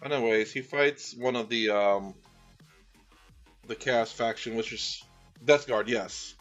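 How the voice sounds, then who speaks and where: A man in the middle of his usual pitch, talking through a miniature painting stream in a loose, rambling way, stopping and restarting his sentences. The sound is a little dull and lo-fi, with music playing faintly underneath. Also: takes it slowly, a bit bright. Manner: rambling, easygoing, many fillers and restarts. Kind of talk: casual chat with viewers.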